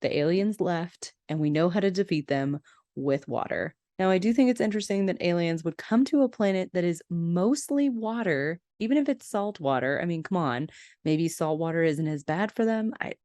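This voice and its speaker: A woman's voice: on the low side, moderate pace, mellow, no echo. A woman hosting a casual podcast, narrating film scenes in detail with chatty asides. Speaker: podcast host.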